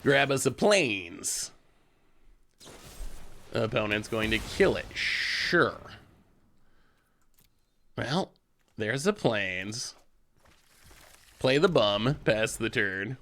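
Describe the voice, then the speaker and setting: A man's voice: fairly low pitch, big pitch swings, drawn-out words, pauses often, sharp tone. A man hosting a show, giving casual commentary on a card game as he plays, chatty and laughing often. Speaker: host.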